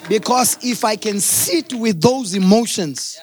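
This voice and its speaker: High-voiced pastor preaching. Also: male voice, lively intonation, a little slow. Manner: swings from shouted, sing-song peaks to low, quiet asides. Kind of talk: sermon.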